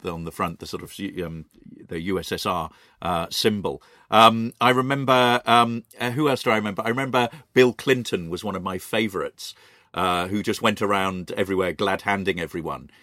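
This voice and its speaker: A man's voice: sits low, pushed and bright, dry recording, clean studio sound. A British man co-hosting a casual chat, telling stories with many ums and restarts. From Britain. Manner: hesitant, lots of ums and restarts. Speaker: podcast co-host.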